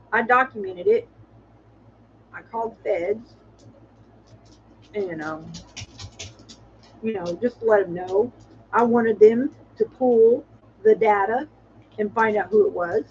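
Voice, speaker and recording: A woman's voice: fairly high pitch, highs cut off, a little hiss or hum. A woman hosting her own livestream, talking in a rambling, chatty way with frequent laughs and exclamations. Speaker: channel host. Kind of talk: casual livestream commentary.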